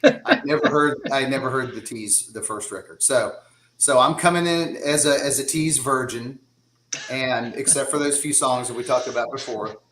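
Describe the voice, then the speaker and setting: A man's voice: mid-range voice, normal speed, a bit bright, reverberant, poor audio. A man in his fifties with a Southern US accent, a guest drummer chatting casually in a rambling way and laughing often. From Georgia, US. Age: 50s. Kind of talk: casual chat.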